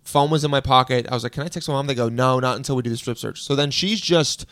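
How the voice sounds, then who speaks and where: A man casually telling a story on a podcast, laid-back and deadpan, quoting people in a flat, low voice. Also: quick pace, dry recording.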